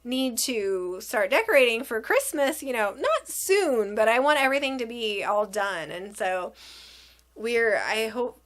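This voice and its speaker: A woman's voice: fairly high pitch, measured pace. A woman vlogger telling a story in a casual, chatty way, acting out what people said. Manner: chatty, animated, acts out quotes.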